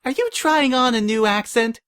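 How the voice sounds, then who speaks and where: A man's voice: extremely high pitch, moderate pace, a bit bright, clear, resonant tone, voice pushed up. A man voicing a hyper, bubbly young female pony who chirps her lines. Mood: giddy. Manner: chirpy, squealing.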